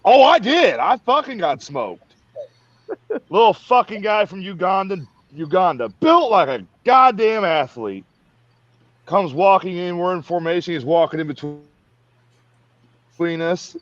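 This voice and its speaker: Man, animated crude storyteller, dull lo-fi sound, dry. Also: high voice, measured pace, pauses often, dry recording. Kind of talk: casual storytelling chat.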